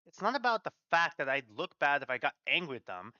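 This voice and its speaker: A man's voice: fairly high pitch, very animated, fast talker, pushed and bright, no room sound, exaggerated voice. A man voicing a frustrated, bitter foreign engineer who vents in heated, clipped bursts, on dull lo-fi audio. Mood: bitter venting.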